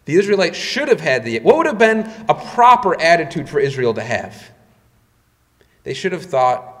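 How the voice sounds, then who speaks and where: A man's voice: sing-song, moderate pace, big-room sound. A man preaching a sermon as a pastor, with emphatic rises and drops in his delivery. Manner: emphatic preaching with sudden rises in pitch and volume.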